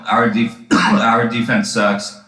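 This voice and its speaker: A man co-hosting a podcast in casual chat, who swears and gets loud and laughing when telling stories. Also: mid-range voice, little pitch movement, takes it slowly. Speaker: podcast co-host. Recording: roomy echo.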